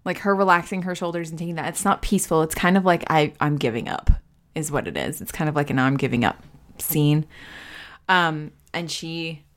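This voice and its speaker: A woman's voice: sits low, steady tone, fairly quick. A woman playing a tabletop role-playing game, casually describing what her character does. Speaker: player.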